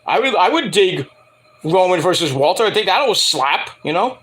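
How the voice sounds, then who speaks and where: A man's voice: high-pitched, sing-song, normal speed, a bit bright. A man reviewing a wrestling show for his viewers, rambling and profane, with jokey asides. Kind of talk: casual rant to viewers.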